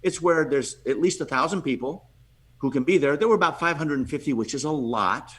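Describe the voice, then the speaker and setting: A man, a podcast guest, telling a lively story and acting out the voices of the people in it, often restarting and repeating words. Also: on the high side, fairly quick, breathy edge. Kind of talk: animated storytelling.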